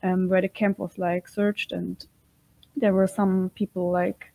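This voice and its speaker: A woman's voice: lowish voice, level tone, a little slow, creaky, mellow, rough recording. A woman guest in an interview, speaking earnestly and sometimes searching for words. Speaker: guest, militia fighter.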